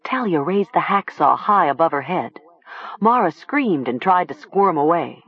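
An audiobook narrator reading a horror story with slow, expressive storytelling. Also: medium pitch, slightly rough, dull audio.

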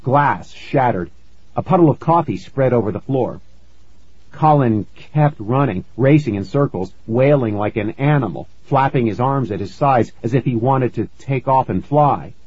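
A man narrating a first-person story in a measured storytelling manner, on a dull, lo-fi recording. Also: mid-range voice, animated, darkish tone, breathy edge, dry recording. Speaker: audiobook narrator.

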